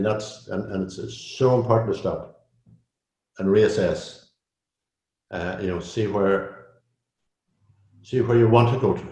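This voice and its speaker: A man's voice: medium pitch, mellow, lo-fi sound. Chatty older man coaching, roomy sound. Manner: chatty, repeats himself, many "you know"s. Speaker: executive coach, guest. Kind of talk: casual interview conversation. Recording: roomy echo.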